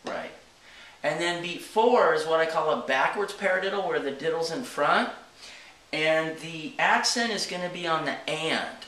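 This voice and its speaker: Recorded from across an echoey drum studio, a man gives casual drumming instruction, laying out each step simply and checking in with "okay?" often. His fairly high voice sounds pushed and bright.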